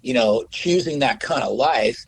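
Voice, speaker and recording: A man's voice: mid-range voice, animated, moderate pace, creaky, slight background noise, low-quality recording. A middle-aged man, a musician guest, telling stories in a rambling, casual way, full of "you know" and swearing. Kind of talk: casual storytelling.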